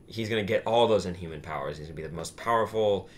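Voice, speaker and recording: A man's voice: low voice, fast talker, a little hiss or hum. A man hosting a casual podcast, talking in a sarcastic, swearing way and acting out quotes as he recaps episodes. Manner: sarcastic, swears a lot, acts out quotes in voices. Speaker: podcast host.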